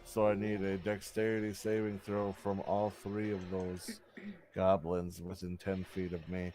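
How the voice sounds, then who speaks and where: A man playing a tabletop game, describing his character's moves in a relaxed, halting way. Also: sits low, faint music behind. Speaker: player.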